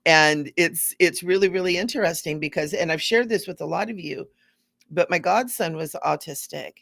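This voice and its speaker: A woman giving a casual, rambling spiritual talk to viewers, gently repeating words for emphasis. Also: fairly low pitch, normal speed, gravelly, no room sound, studio quality. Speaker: spiritual teacher hosting a live stream.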